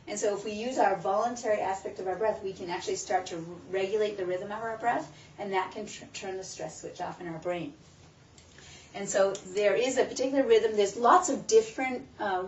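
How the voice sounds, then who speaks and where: A woman presenting a live stress-management workshop, teaching in an animated way with rhetorical questions. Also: medium pitch, slight background noise. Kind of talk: live talk to a small audience. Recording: roomy, distant, muffled room recording with faint background.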